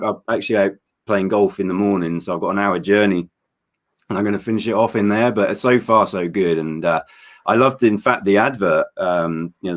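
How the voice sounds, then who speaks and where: Man, lowish voice, casual late-night chat, enthusiastic, rambling, lots of ums, tired. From Norfolk, England. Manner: rambling, enthusiastic, frequent fillers and restarts. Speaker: charity livestream co-host.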